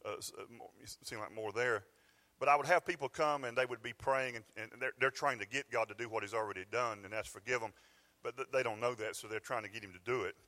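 A man's voice: medium pitch, fast talker, hardly any pauses, sharp tone. A middle-aged man preaching a sermon in a church, folksy and conversational with bursts of emphasis. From Georgia, US. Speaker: pastor. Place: church sanctuary.

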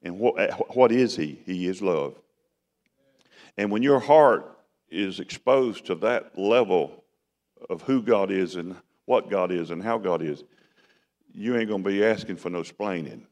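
A man's voice: low-pitched, a little slow, darkish tone. A man preaching a sermon in a conversational style that rises to emphatic bursts. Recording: long hall reverb.

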